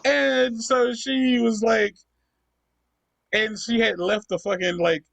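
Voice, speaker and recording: A man's voice: extremely high pitch, steady tone, slow pace, vocal fry, a bit bright. A young man hosting a gaming channel, ranting profanely in casual chat while he plays. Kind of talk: casual chat over gameplay.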